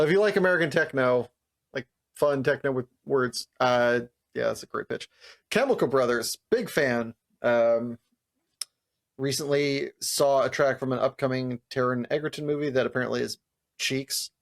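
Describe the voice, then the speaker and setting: A man with a gravelly, fry-laden voice at a middling pitch, talking casually as a podcast co-host. He is relaxed and profane and laughs easily. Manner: laid-back, profane, laughs often. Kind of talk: casual chat.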